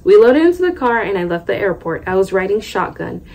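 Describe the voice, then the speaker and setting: A woman's voice: mid-range voice, sing-song, a little fast, vocal fry, dull audio. A young woman reading a memoir aloud at home, breaking off for chatty asides. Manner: chatty, loose asides between read passages. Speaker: book reader and vlogger. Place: home room.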